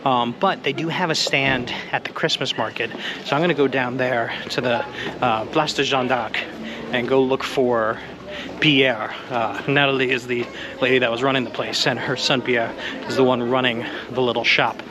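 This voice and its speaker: A man's voice: mid-range voice, steady tone, normal speed. A man giving casual, enthusiastic travel vlog commentary as he tastes food and wine out and about. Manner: chatty and enthusiastic, savoring food and wine aloud. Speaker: travel vlogger. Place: outdoors at a busy Christmas market. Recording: outdoor street noise.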